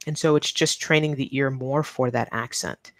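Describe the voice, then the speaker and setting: A woman's voice: a bass voice, steady tone, moderate pace, dry recording. A woman English teacher from New York with a neutral accent, speaking patiently in a live-stream lesson and repeating key points. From New York, United States.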